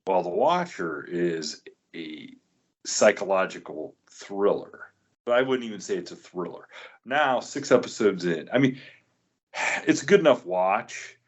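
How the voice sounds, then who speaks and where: A man's voice: deep voice, lively intonation, measured pace. Easygoing man hosting a podcast. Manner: easygoing, chatty, laughs along. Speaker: podcast host. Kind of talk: casual podcast chat.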